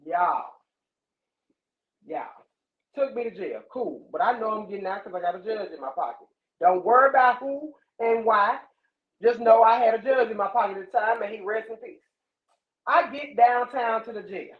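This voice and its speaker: A woman from Louisiana hosting a podcast, telling a wild story in a profane, animated way and acting out the voices. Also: on the high side, normal speed. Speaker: podcast host. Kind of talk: casual storytelling chat. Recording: echoey dull lo-fi room.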